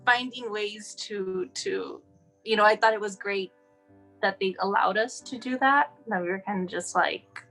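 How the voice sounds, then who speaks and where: A woman's voice: mid-range voice, unhurried, sharp tone, faint music behind. A woman sharing her son's story as a guest, talking casually and running on with "like" and "you know".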